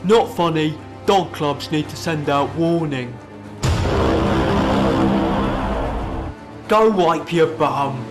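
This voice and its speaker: A man voicing indignant online commenters in an attempted Birmingham accent, loud and scolding. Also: on the high side, unhurried, loud music behind the voice, close to an everyday voice. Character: outraged indignant Facebook commenters, adult.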